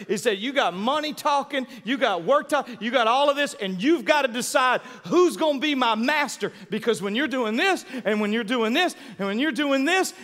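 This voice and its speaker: A high-pitched male pastor in his thirties preaches with lively call-and-response. His voice rings bright and forceful, carried by the long reverb of a large church hall. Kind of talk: sermon.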